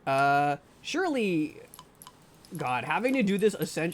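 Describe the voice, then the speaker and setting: A live streamer narrates a tense game to viewers with a lively, wide-ranging voice. Nervous laughs break in as they swear and plead again and again. A faint hiss sits behind the talk. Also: mid-range voice, measured pace. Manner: self-narrating with anxious laughs. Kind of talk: live gameplay commentary.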